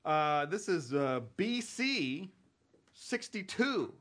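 A man's voice: high voice, very animated, slow, a bit bright. A man co-hosting a casual podcast, making dry asides and reading listener mail. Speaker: podcast co-host. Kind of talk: casual chat.

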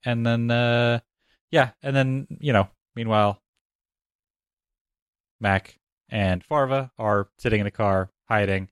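A man's voice: medium pitch, steady tone, slow pace, long pauses, smooth, no echo, clean studio sound. Man retelling film scenes, casual. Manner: laughs easily, acts out movie lines. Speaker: podcast co-host. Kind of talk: casual movie discussion.

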